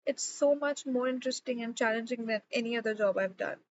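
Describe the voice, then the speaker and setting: A woman's voice: on the high side, brisk, lo-fi sound, a little hiss or hum, natural voice. A woman reading the part of an enthusiastic young woman in an audiobook. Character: cheerful young woman, daughter.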